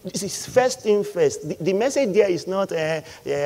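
A man's voice: sits high, moderate pace, hardly any pauses, mellow. A man preaching a sermon. He talks emphatically, repeats key lines and acts out voices from the congregation. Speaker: pastor.

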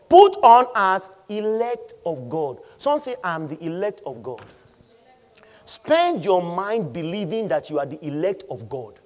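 A pastor preaching a sermon, calling on the congregation to answer back, swinging between loud exclamations and quiet asides. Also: male voice, sits high. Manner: calls for congregation responses.

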